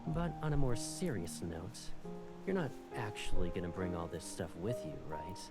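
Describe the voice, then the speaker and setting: An actor playing a calm, teasingly dry young man in a game, an old childhood friend of the heroine. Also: sits low, normal speed. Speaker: game character. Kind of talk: game voice acting. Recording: loud game music underneath.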